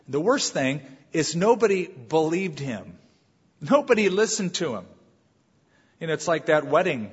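A pastor preaching a sermon with dramatic swings, dropping suddenly to a hush, on a dull lo-fi recording. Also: male voice, fairly high pitch, breathy edge. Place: church sanctuary. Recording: dull lo-fi recording in a reverberant hall.

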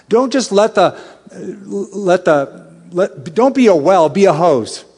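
A man's voice: high-pitched, darkish tone, long reverb tail. A man teaching a Bible sermon in a conversational but emphatic way, building to urgent exhortations. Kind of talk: expository sermon.

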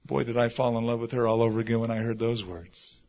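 A middle-aged man preaching a sermon, telling stories and swinging between loud stresses and hushed asides. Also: mid-range voice, level tone, quick pace. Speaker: pastor. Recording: dull lo-fi sermon recording.

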